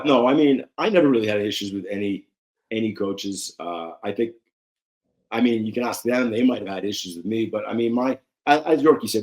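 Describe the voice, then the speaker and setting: A man, a former referee, talking casually as a guest in an interview and telling animated stories. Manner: animated storyteller, acts out quotes with raised pitch.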